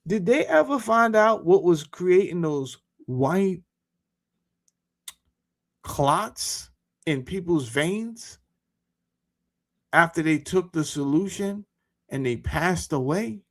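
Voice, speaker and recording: A man talking casually to his viewers as a YouTuber, animated and full of rhetorical questions and slang. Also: high voice, slow pace, long pauses. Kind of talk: casual monologue to camera.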